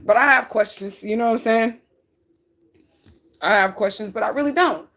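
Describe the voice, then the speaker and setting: A woman's voice: a little high, moderate pace, fairly bright tone. Outspoken woman telling a tearful story. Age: adult. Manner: raw, outspoken, profane, tearful at times. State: crying. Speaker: spiritual reader talking to her followers. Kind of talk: emotional storytime monologue.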